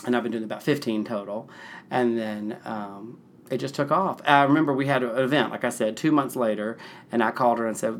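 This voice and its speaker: A man in his thirties from the Nashville area, an event planner telling his story in a casual interview, rambling and excitable with laughs slipping into his talk. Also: medium pitch, a little fast, slight background noise.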